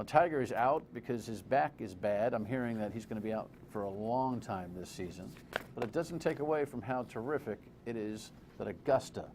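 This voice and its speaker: A man's voice: mid-range voice, darkish tone. Man, TV studio host, sarcastic opinion segment, conversational, light background noise. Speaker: TV host and commentator. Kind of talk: opinionated TV commentary.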